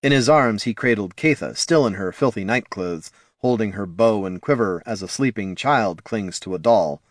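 A man narrating an audiobook in an expressive storytelling manner. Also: lowish voice, moderate pace, no echo, clean studio sound.

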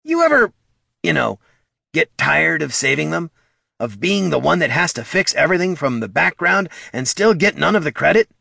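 Shrill whiny little kobold. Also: male voice, sing-song, normal speed, gravelly, bright, forceful tone, slightly rough, dry recording, studio quality, exaggerated voice. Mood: wistful. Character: small panicky sarcastic male kobold. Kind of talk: audiobook character voice.

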